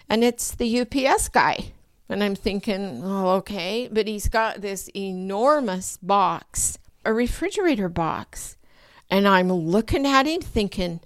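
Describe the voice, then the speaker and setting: An older woman telling a personal story in a lively way, acting out her own past thoughts with sudden high rises in pitch. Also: no echo. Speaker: guest telling a true story.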